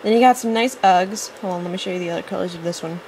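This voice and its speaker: A woman's voice: lowish voice, fast talker, darkish tone, a little hiss or hum. A woman giving casual, rambling gameplay commentary, chatty, often apologizing and getting impatient with the game. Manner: apologetic asides. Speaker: let's-play host.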